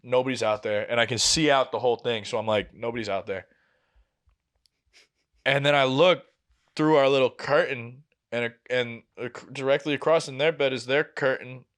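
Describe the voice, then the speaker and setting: A young man in his twenties telling a long story on a casual podcast, profane and animated, acting out what people said. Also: mid-range voice, moderate pace. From New England. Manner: animated, profane, acts out quotes. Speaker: podcast co-host.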